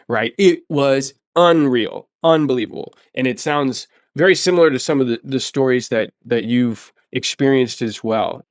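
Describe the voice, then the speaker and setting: A man's voice: mid-range voice, moderate pace, few pauses, no echo, studio quality. A man telling a travel story in a casual interview, emphatic and enthusiastic, often repeating words for stress. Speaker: podcast host sharing his story.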